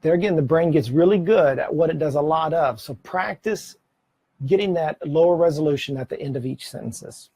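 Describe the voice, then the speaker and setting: Husky, gravelly man giving speaking tips. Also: on the high side, a little fast, mellow, dry recording. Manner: conversational, self-correcting, occasional laughs. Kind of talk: casual instructional talk to camera. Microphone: camera mic, speaking to camera.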